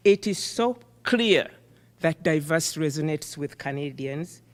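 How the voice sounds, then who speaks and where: Animated middle-aged woman in a reverberant hall. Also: low-pitched. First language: not English. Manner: animated, emphatic, self-deprecating. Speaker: keynote speaker. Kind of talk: conference keynote speech. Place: conference hall.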